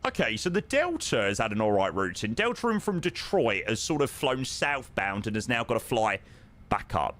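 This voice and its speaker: Lively, chatty man streaming. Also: mid-range voice, moderate pace. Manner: chatty, answers viewers with lots of ums and "mate". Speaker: live streamer flying a flight simulator. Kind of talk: casual live-stream chat.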